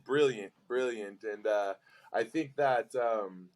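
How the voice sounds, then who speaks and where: A man in his twenties, a pro football player on as a guest, tells stories in a casual, animated way, full of "like" and "you know.". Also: on the low side, takes it slowly, a loud crowd. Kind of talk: casual storytelling.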